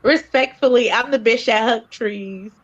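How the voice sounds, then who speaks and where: A woman's voice: on the high side, unhurried, a bit bright. Frank heartfelt woman, muffled sound. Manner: frank, heartfelt, swears freely. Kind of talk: casual radio talk show chat.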